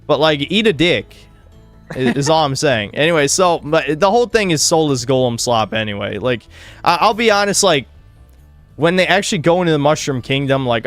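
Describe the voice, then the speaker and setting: A man's voice: a little high, expressive, moderate pace, fairly bright tone, soft background music. A man hosting a casual podcast while gaming, rambling and swearing with lots of filler words. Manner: rambling, profane, heavy use of "like". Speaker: podcast host.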